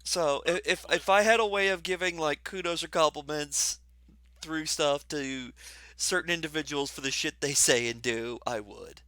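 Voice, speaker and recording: A man running a streamed tabletop game as game master, animated and laughing, chatting with the stream. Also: a little high, no room sound. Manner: animated, laughing, quick asides to stream chat.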